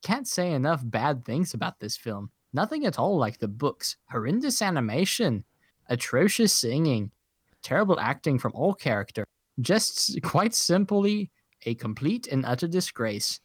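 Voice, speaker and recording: A man's voice: on the high side, very animated, moderate pace, slightly rough, no echo. A man putting on a British accent to voice an indignant, scornful film reviewer who lists complaints in clipped, disdainful bursts. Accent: put-on British.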